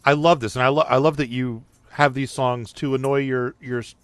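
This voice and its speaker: A man's voice: medium pitch, steady tone, brisk, clean tone. A man hosting a podcast in casual chat, laughing often and acting out bits of dialogue. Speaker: podcast host.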